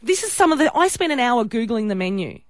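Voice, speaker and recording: An Australian woman co-hosting a radio breakfast show, telling a story with animated, laughing banter. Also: a little high, fast, no echo, clean studio sound.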